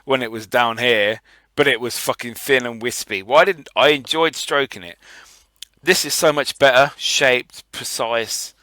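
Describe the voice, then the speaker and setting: A man's voice: mid-range voice, measured pace, sharp tone, no room sound. A man co-hosting a podcast, chatting playfully and laughing often. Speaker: podcast co-host. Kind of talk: casual banter.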